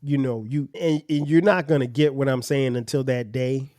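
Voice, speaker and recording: A man's voice: medium pitch, fairly even intonation, normal speed, a little mellow, no echo, clean studio sound. A middle-aged man hosting a podcast, talking earnestly with his children about parenting, explaining at length with frequent restarts. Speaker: podcast host and father. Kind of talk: reflective family conversation.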